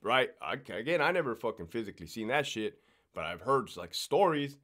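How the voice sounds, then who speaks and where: Blunt, cursing ex-prison guard, mid-pitched. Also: male voice, sing-song, moderate pace, fairly bright tone. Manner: blunt and profane, explaining rules with lots of swearing; keeps checking in with "right?". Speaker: former correctional officer. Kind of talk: casual podcast chat.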